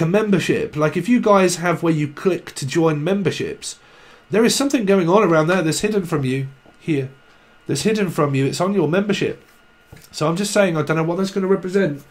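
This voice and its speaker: Rambling man giving a tarot reading. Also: a little high. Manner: rambling, laughing, drifting into snatches of song. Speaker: tarot reader. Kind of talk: casual tarot reading to camera.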